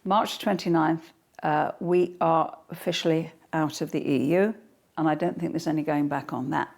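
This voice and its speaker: A woman's voice: sits low, steady tone, normal speed, gravelly, darkish tone. An older woman being interviewed at home, talking in a forthright, blunt, straight-talking manner. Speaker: guest. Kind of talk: political interview.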